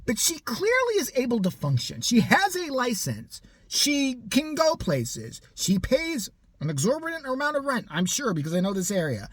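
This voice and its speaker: Man vlogger, husky and lively in pitch, sarcastic and profane rant. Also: moderate pace, no echo. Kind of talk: casual storytelling rant.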